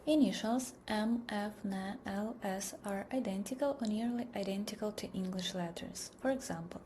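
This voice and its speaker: A woman narrating a pronunciation lesson in a measured, deliberate way, often trailing off into a whisper. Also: medium pitch, warm tone, slight background noise. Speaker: language teacher. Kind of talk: slow scripted lesson narration.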